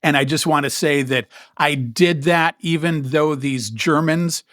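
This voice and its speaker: A man's voice: on the high side, measured pace, fairly bright tone, no echo, studio quality. A man co-hosting a podcast, chatting casually and telling a story with wry humor and acted-out dialogue. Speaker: podcast co-host. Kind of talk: casual chat.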